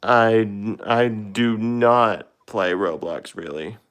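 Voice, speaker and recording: A man's voice: lowish voice, very slow, a bit bright. A man streaming live into his phone, chatting casually in a rambling, hesitant, self-deprecating way. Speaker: livestreamer.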